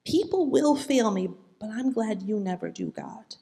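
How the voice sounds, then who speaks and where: A woman's voice: a little high, expressive, unhurried, warm tone. A woman voicing a grieving, childless woman who pours out her pain to God in a diary, read in an earnest, pleading way. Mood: anguished.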